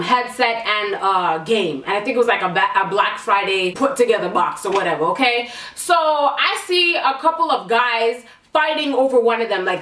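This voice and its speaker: Animated, profane young woman vlogger. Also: a little high. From Canada. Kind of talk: storytime vlog. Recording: echoey room, mic at a distance.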